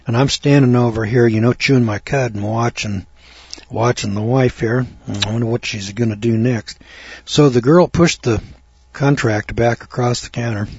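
An older man telling a long folksy story in a rambling talk, with many fillers and throat clearing. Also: medium pitch, no room sound, highs cut off. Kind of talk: rambling spoken monologue.

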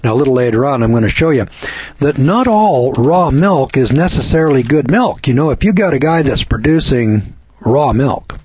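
A man's voice: mid-range voice, expressive, moderate pace, a little mellow, slightly rough, no echo. An older man hosting a radio show, giving folksy, preachy commentary and stretching key words for emphasis. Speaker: radio host. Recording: dull lo-fi radio sound.

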